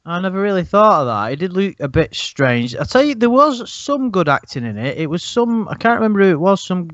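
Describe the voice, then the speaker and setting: Man, high voice, dry lo-fi sound, mocking casual chat. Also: sing-song, fairly quick, a bit bright, dry recording. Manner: blunt, laughing, mocking. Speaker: podcast co-host. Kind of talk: casual movie review chat. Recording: dull lo-fi sound.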